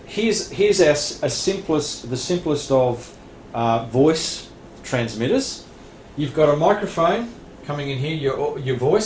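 A man teaching a radio licence class, explaining plainly with frequent restarts and small laughs. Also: medium pitch. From Australia. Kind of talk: classroom lecture. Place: training room. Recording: echoey room, faint background hiss.

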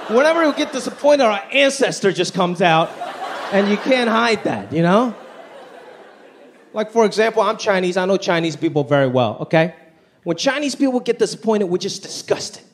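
A man's voice: sits high, expressive, moderate pace, slight background noise. A man doing a stand-up comedy set in a theater, talking conversationally with punchy delivery and exaggerated impressions. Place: large theater with live audience. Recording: live stage recording with loud crowd. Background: audience laughter and applause.

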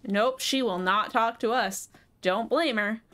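A woman's voice: fairly high pitch, a little slow, a bit bright. A woman streaming a game live, chatting casually with viewers and cooing at her cat.

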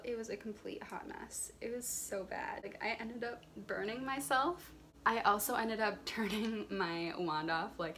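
A woman's voice: fairly high pitch, a bit bright, a little hiss or hum. A chatty young woman vlogging a hair tutorial, rambling with lots of filler words, recorded on her phone at home. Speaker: beauty vlogger. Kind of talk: casual hair tutorial chat. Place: warm room at home. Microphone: phone camera.

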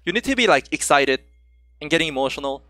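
A young man from South Korea with a Korean accent, chatting casually with viewers while streaming a game, excitable and often laughing. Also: on the high side, quick pace, dry recording. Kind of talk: casual gameplay stream chat.

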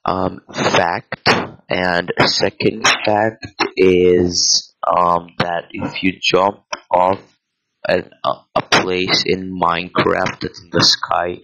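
Slow, halting low-voiced man. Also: a bit bright, lo-fi sound. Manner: hesitant, halting, many ums and repeated words. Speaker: video host. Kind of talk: rambling mock ASMR monologue.

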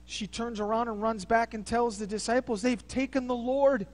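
A man preaching a sermon as a pastor, retelling a story with dramatic swings between loud outbursts and hushed near-whispers. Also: very high voice, steady tone, moderate pace. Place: church sanctuary. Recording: long church reverb.

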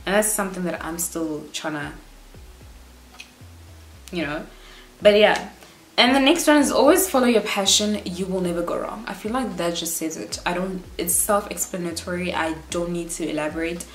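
A young South African woman vlogging life advice in a quick, lively, chatty rush. Her voice sits a little low. The room around her gives a noticeable echo. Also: a little hiss or hum. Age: 20s. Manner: fast, chatty, animated. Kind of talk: casual advice vlog. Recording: roomy echo.

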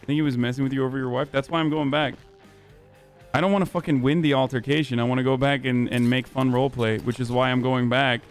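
A man's voice: mid-range voice, steady tone, fast talker, soft background music. A man streaming a roleplay game, talking in character in a hesitant, stammering way with plenty of swearing, into a desk microphone.

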